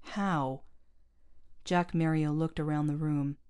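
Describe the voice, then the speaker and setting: Woman, low voice, audiobook narrator, steady storytelling. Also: moderate pace. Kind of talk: scripted narration.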